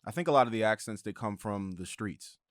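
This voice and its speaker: A man's voice: on the low side, fairly quick, no echo, clean studio sound. A man hosting a podcast in casual chat, thinking aloud with hesitant restarts. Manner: rambling, hesitant, restarts often. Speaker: podcast host.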